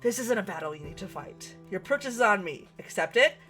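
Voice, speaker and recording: A woman voicing a charming tall male elf demigod who calmly insists on his kindness. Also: medium pitch, brisk, soft background music, close to an everyday voice. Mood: insistent.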